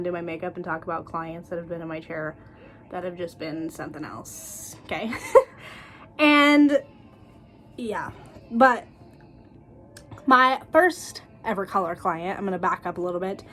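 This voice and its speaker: A woman in her twenties telling stories in a blunt, animated casual vlog, laughing often. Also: mid-range voice. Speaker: cosmetologist sharing school experiences.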